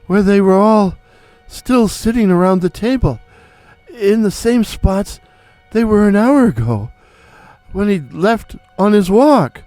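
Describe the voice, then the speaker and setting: A man telling an original horror story in a slow, deliberate, theatrical way, as host of his own channel. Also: high voice, lively intonation, a little mellow, no room sound, soft background music. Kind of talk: dramatic horror story narration.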